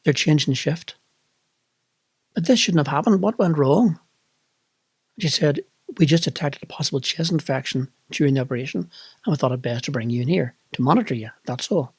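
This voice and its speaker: In a slightly high, slightly rough voice at a somewhat fast clip, a middle-aged man from Northern Ireland vlogs a candid, reflective monologue about his own experience. His Northern Irish accent is clear, and there's no echo.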